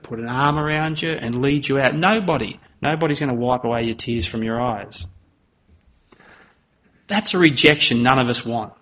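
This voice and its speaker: A man's voice: on the high side, fairly bright tone. A man preaching a sermon in an earnest manner, voice rising dramatically when he acts out quoted lines. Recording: slightly dull, lo-fi sound.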